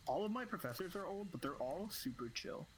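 A man's voice: high-pitched, lively intonation, a little fast, a crowd in the background. A young man co-hosting a casual podcast, joking with crude banter. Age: young adult. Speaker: podcast co-host. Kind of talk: casual chat.

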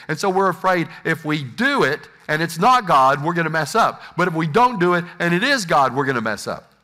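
A middle-aged male pastor delivers a sermon in a bright, forceful voice pitched slightly high. He addresses the congregation directly and now and then mimics hesitant inner voices. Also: big pitch swings, fairly quick. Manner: preaching to a congregation, acting out inner doubts.

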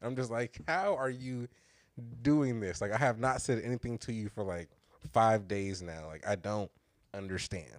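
Guy telling a wild story, loud and animated, cussing, dry close mic. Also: fairly low pitch, moderate pace, no echo. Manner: animated, acts out quotes, swears a lot, laughs often. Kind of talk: casual storytelling chat.

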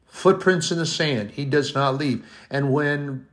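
A man preaching a sermon in an earnest way, slowing on key words and rising to emphatic peaks. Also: fairly high pitch.

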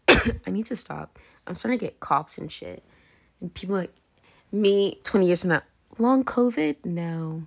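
A woman's voice: on the low side, expressive, a little slow, creaky, pauses often. A tipsy woman hosting her own podcast, rambling loosely in a casual monologue and breaking off with "anyway, moving on" as she laughs and slips into whispers. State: tipsy, drunk. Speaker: podcast host.

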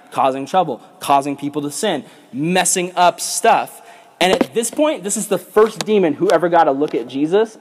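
Youth pastor guy, kinda high voice, goofy and rambly, casual bible lesson for kids.

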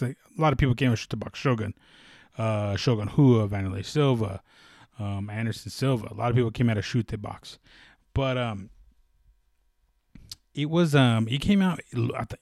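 A man's voice: medium pitch, a little mellow, no echo. Rambling man, dry close sound. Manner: rambling, many fillers and self-corrections. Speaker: fight commentator. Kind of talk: casual sports chat.

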